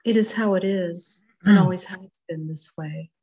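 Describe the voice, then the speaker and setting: A woman reading her own poems over a video call in a slow, measured way. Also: lowish voice, husky. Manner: slow, measured, softly rising and falling reading. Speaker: poet reading her work.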